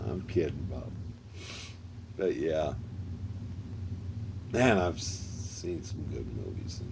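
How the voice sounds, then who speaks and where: A man's voice: rumbling low, very animated, extremely slow, gravelly, pauses often, darkish tone, slight background noise. An older man hosting a stream, chatting casually and rambling, laughing often and greeting viewers by name. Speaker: livestream host.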